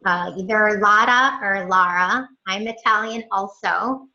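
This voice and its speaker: A woman's voice: medium pitch, measured pace, bright, forceful tone, roomy sound, muffled recording. An American woman introducing herself on a video call, hesitant, with many fillers. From United States. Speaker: course participant.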